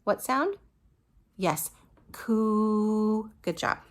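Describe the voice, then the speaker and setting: A woman leads a phonics lesson for small children at an unhurried, drawn-out pace. She models each letter sound with care and gives gentle praise along the way. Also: mid-range voice, animated. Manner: slow, patient, encouraging, models each sound. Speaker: teacher.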